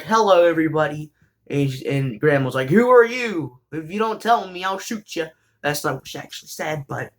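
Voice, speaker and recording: A man's voice: mid-range voice, fairly bright tone. A young man hosting a show, casually recapping an anime in a rambling, hesitant way with lots of fillers. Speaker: show host.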